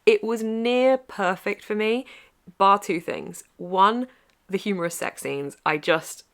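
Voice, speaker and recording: A woman's voice: medium pitch, takes it slowly, a bit bright. A young woman chatting enthusiastically in a casual book review vlog, gushing and laughing often. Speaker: book vlogger.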